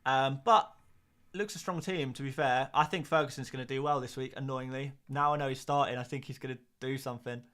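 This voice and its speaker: A man's voice: mid-range voice, steady tone, a little fast, fairly bright tone. A man hosting a casual live stream about fantasy football, talking to his chat with self-mocking asides. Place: home room.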